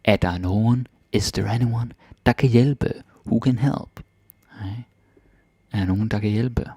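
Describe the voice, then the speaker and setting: A man with a low, gravelly voice gives a casual language lesson. He is relaxed and chatty, saying each phrase slowly, then explaining it. The sound is dry and close. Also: no echo. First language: Danish. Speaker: language teacher.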